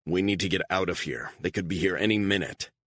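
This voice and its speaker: A man's voice: low voice, brisk, a bit bright, dry recording, clean studio sound. A man as a cold, curt spy. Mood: stern. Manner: curt, firm commands. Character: cold, controlled male covert operative.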